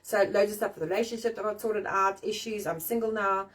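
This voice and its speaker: A woman's voice: mid-range voice, a little fast, distant mic. A middle-aged woman hosting a casual live-stream chat, talking bluntly and swearing freely as she rants and jokes. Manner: blunt, sweary, animated ranting. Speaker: host of a live chat show. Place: outdoors in the rain.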